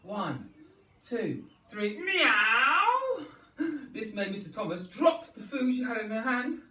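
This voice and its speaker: Animated man leading a kids' story yoga class. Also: high voice, a little slow. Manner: playful, animated, coaxing children along. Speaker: children's yoga instructor. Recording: echoey room, distant mic, faint ambience.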